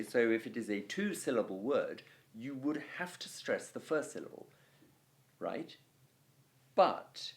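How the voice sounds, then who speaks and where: A man teaching a Latin lesson in a casual, chatty way, often checking in with "okay" and "you know". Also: medium pitch.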